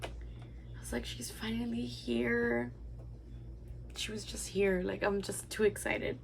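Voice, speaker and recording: In an unhurried whisper, a young beauty vlogger with a medium-pitched, creaky voice and little pitch movement does her makeup. She chats casually through a rambling personal story, leaning on "like" again and again.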